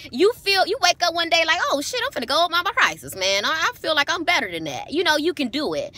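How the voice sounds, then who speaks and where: A woman rants in a casual vlog. Her voice sits high and bright, and she talks bluntly and swears freely. She tells her story with lots of animation. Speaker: vlogger.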